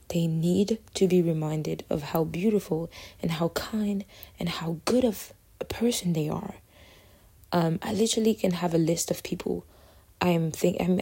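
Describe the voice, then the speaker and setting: Woman, podcast host, husky and mellow tone, casual and rambling, reflective. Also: on the low side. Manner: rambling, filler-heavy, self-correcting; candid and reflective. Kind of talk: casual solo podcast talk.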